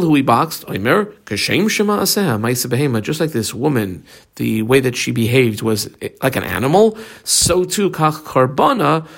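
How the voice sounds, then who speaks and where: Halting man teaching Talmud. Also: medium pitch. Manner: halting, many fillers, reads Hebrew phrases then explains. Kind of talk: Talmud lesson, reading and translating.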